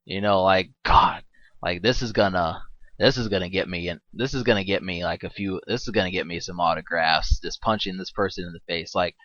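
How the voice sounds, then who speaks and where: A man's voice: deep voice, brisk, fairly bright tone, no echo, highs cut off. A man giving a rambling, casual movie commentary, full of fillers and restarts and laughing often, swearing now and then.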